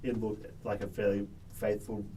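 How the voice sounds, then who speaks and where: A man's voice: fairly low pitch, little pitch movement, moderate pace, warm tone. A young man chatting loosely on a student radio panel, rambling and restarting his sentences. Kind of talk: casual group chat. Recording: distant mic, faint noise.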